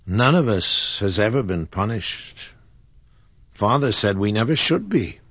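A man voicing a proud, innocent teenage girl with a breathy, girlish manner in a storybook reading. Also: on the low side, no room sound, dull audio, voice pushed up, full character voice.

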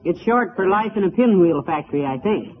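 A woman's voice: lowish voice, animated, a little fast, lightly acted. A woman playing a patient, dry-witted middle-aged wife who teases her husband, in 1940s radio comedy. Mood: teasing. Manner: dry, teasing. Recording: tinny noisy old radio broadcast, audience laughter.

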